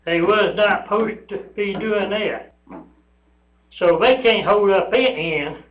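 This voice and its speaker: An older man with a high, thin voice speaks slowly and haltingly, airing a complaint and circling back over the same points. He sounds roomy and dull, as if picked up in an echoey county meeting room on a lo-fi recording. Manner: rambling, aggrieved, repeats himself. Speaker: public commenter at county meeting. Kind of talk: public comment at a meeting.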